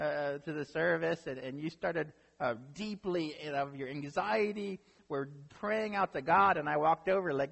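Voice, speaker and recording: A pastor with a slightly high, gravelly and a bit bright voice preaches at a moderate pace, hardly pausing. He retells a story conversationally, often asking the audience "right?", amid a hall's long reverb.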